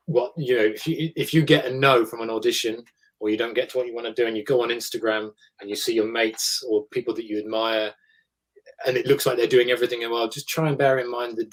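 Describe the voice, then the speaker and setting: A man's voice: mid-range voice, low-quality recording. A man, an actor guest on a video call, jokes around and gives thoughtful parting advice. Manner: joking interjections, then earnest advice. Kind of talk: casual chat with advice.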